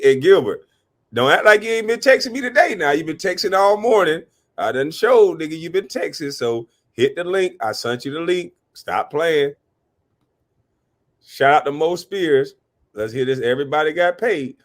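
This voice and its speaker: A man hosting a live reaction stream, talking animatedly, cursing and giving shout-outs to his chat. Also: a little high, sing-song, normal speed. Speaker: livestream reaction host.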